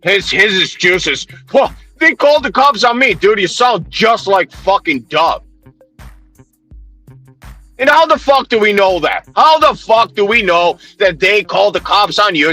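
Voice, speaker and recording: A man's voice: high voice, pushed and bright. A man ranting heatedly on a livestream, swearing constantly, mocking and confronting people while he answers his chat.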